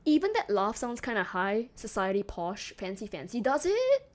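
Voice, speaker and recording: A woman's voice: medium pitch, lively intonation, normal speed. A young woman from Singapore with a slight British-sounding accent, chatting casually with her stream viewers, giggling often and reading chat aloud.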